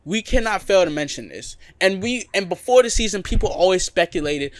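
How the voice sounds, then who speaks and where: A man's voice: high-pitched, expressive, a little fast, no room sound. A man co-hosting a casual sports podcast, making his case with emphatic repetition. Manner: emphatic, repeats points for emphasis. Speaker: podcast co-host.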